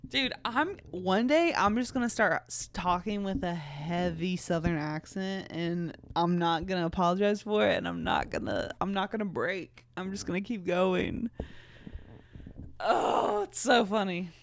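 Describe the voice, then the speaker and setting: A young woman hosting a podcast reads her old fan fiction aloud, mocking it with sarcastic, giggly asides and a lot of swearing in casual reading and commentary. Her voice is fairly low with vocal fry and lively intonation, and her pace is a little slow. A little hiss or hum sits in the background.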